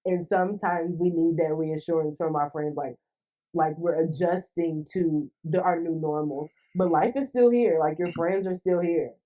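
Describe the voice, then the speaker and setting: A woman guest on a podcast, talking earnestly and lively, often saying "like". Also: low-pitched, normal speed. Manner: earnest, heavy use of "like", lively. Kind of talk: conversational podcast chat. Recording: distant mic, roomy.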